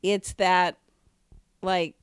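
A woman co-hosting a podcast, telling stories in a lively, emphatic way with sudden rises in her voice. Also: very slow, clean tone, no echo, studio quality. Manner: animated storyteller, emphatic rises in pitch. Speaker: podcast co-host. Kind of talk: casual podcast conversation.

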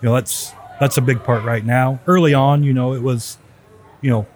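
A man answers questions as a guest in a casual interview. He talks slowly into his point, with frequent fillers and restarts, in a middle-pitched voice. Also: steady tone, a little mellow. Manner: hesitant, many you-knows. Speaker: guest, service manager.

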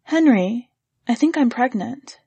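A woman voicing a tense young wife in a read-aloud story, pitching her voice higher and speaking with earnest strain. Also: lively intonation, a little slow, gravelly, dark tone, breathy edge, no echo, full character voice. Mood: pleading. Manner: earnest, strained, rising to anger.

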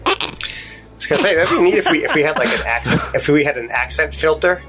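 A man's voice: on the high side, fast, loud music behind the voice, poor audio. A man chatting and joking at a tabletop game session. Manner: joking, animated. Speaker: player. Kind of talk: casual chat at a game table.

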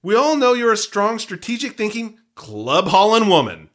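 A man co-hosting a casual movie breakdown podcast, animated and playfully swearing. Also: sits high, moderate pace, hardly any pauses. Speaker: podcast co-host.

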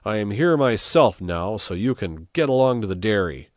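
Pepone, a bull-necked village mayor who bellows and threatens at every turn, as a male narrator reads him. The voice sits deep, yet it climbs sharply when he shouts. It sounds close and dry, like a storybook read aloud. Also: animated, normal speed, dry recording, close to an everyday voice. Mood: furious shouting. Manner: roaring, threatening. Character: hot-tempered burly male communist mayor, blustering. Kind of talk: audiobook reading.

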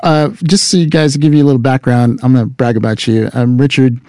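A man's voice: mid-range voice, steady tone, brisk, darkish tone, no echo, studio quality. A man hosting a casual podcast chat. He laughs often and tells upbeat anecdotes. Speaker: podcast host.

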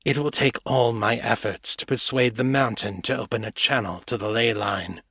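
A man voicing an ancient male skunk mage who speaks with flat, observational detachment. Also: medium pitch, normal speed, vocal fry, husky, no room sound, clean studio sound, full character voice. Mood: detached.

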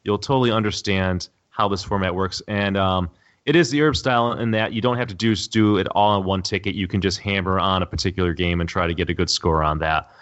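A man's voice: deep voice, a little fast, fairly bright tone, highs cut off. A man guesting on a podcast, explaining a tournament with hesitant fillers. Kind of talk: casual interview.

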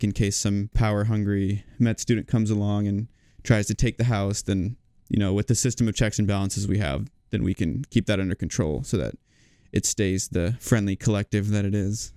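A man's voice: on the low side, warm tone, clean tone, dry recording, studio quality. A male medical student explaining house rules in a friendly, plain way. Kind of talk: casual explanation.

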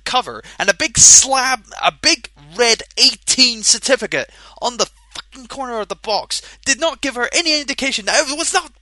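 A man's voice: very high-pitched, bright, forceful tone, no room sound. A Scottish man co-hosting a podcast, ranting in exasperation with lots of swearing and stumbling restarts. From Scotland. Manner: restless, stumbling, self-interrupting delivery. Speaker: podcast co-host and game shop worker. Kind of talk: casual podcast rant.

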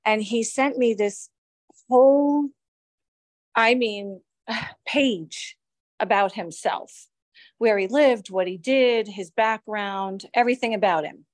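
In an interview, a woman in her forties casually tells her own story as a victim, rambling, restarting often, and acting out quoted dialogue. Her voice is a little high and she takes it slowly, with long pauses and no echo.

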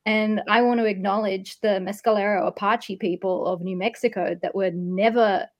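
A woman's voice: medium pitch, steady tone, normal speed, lo-fi sound. A woman co-hosting a podcast in casual chat, earnest and blunt, swearing freely. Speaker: podcast co-host.

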